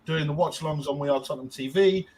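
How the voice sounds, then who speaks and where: A man's voice: fairly high pitch, quick pace, a loud crowd, rough recording. Rambling man telling a story. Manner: rambling, frequent ums and restarts. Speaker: podcast co-host. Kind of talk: casual storytelling chat.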